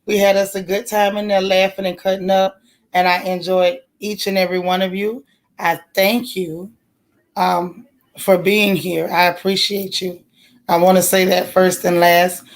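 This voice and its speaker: A woman's voice: on the low side, little pitch movement, a little slow. Folksy woman hosting a live chat. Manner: warm, folksy and effusive, reading out viewer names. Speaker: YouTube channel host. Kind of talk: casual livestream chat greeting viewers.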